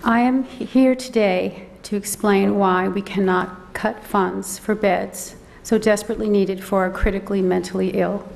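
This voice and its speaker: A middle-aged woman, a mother and advocate, giving public comment at a county board meeting, emotional and close to tears, halting and repeating words. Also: mid-range voice, fairly even intonation, gravelly, darkish tone. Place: large council chamber. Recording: long hall reverb, faint noise.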